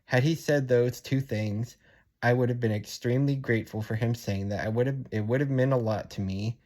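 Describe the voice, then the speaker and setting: A man's voice: mid-range voice, a little mellow. Young adult male vlogger, venting monologue, sighs often, restarts sentences, frustrated and worn down. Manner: frustrated, sighing, halting and repetitive. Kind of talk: personal venting vlog.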